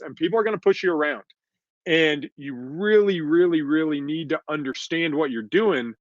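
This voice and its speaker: At normal speed and a fairly high pitch, a podcast co-host speaks casually, emphasizing his points by repeating them and voicing the people he quotes. The recording is dull, lo-fi and dry.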